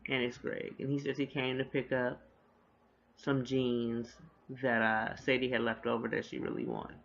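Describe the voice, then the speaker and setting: Gravelly man recapping a TV episode. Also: mid-range voice, monotone, a bit bright, lo-fi sound. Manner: profane, slangy retelling with quick asides. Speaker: TV episode reviewer.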